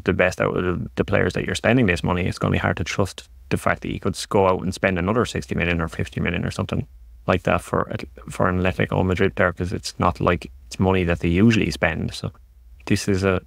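Male podcast host, very gravelly and deep, rambling football chat with restarts. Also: no room sound, clean studio sound. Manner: rambling, many restarts and repeated words. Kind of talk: casual football analysis chat.

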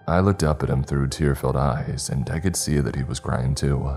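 A man with an extremely deep, dark, mellow voice narrates a scripted horror story. He tells it in a measured, dramatic way, with faint music running underneath. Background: faint background music.

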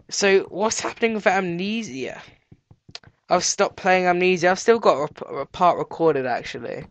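Teen boy gamer with a cold, excitable let's-play chatter, bouncing pitch, dead-dry close mic. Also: normal speed, no echo. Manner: excitable, yelps and squeals at discoveries, chatters to animals. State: has a cold, sore throat. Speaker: gaming channel host.

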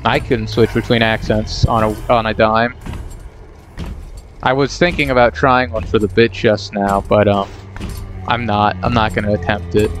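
A man's voice: on the low side, little pitch movement, moderate pace, faint music behind. A man casually commenting on his own gameplay, rambling and self-deprecating as he talks to himself. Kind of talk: casual let's play commentary.

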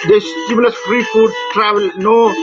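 A man's voice: sits high, level tone, moderate pace. A man in a rambling, repetitive rant monologue, stumbling over words and repeating himself. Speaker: vlogger. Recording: dull lo-fi audio over loud music.

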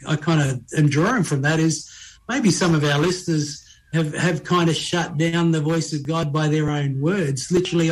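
A man's voice: on the high side, moderate pace, low-quality recording. A man, a pastor hosting a conversational faith interview, earnest and probing with frequent restarts. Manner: earnest, restarts often, asks probing questions. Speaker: pastor and podcast host.

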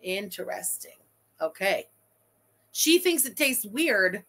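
Bright, sarcastic woman commentator. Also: medium pitch, big pitch swings, slow. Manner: blunt, sarcastic, swears freely. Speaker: commentary channel host. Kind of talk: reacting to a livestream.

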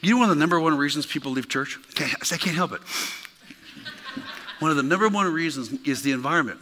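A man's voice: a little high, lively intonation, fast talker, bright, forceful tone, long reverb tail, a little hiss or hum. A male pastor preaching a sermon in an emphatic, conversational way, talking directly to his congregation. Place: church sanctuary.

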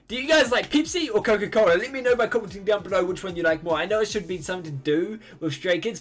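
Male reaction vlogger, slightly high, very animated pitch, excitable and gushing. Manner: excitable, gushing, laughs often. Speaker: YouTuber reacting to a show. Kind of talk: casual reaction commentary.

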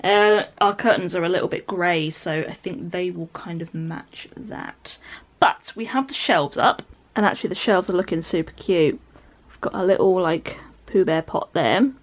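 A young British woman in her twenties chats to the camera from her living room, rambling and giggling as she goes. Her voice sits a little low for a woman, and her talk is casual and easygoing. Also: moderate pace. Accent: British English. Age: 20s. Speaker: vlogger. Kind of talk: casual home vlog chat. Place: home living room, indoors.

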